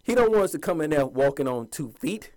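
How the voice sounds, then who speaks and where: A man's voice: on the high side, animated, a little fast, darkish tone. A man giving an impassioned, preachy monologue to his viewers, sometimes mocking the voices of other people. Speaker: commentator addressing viewers.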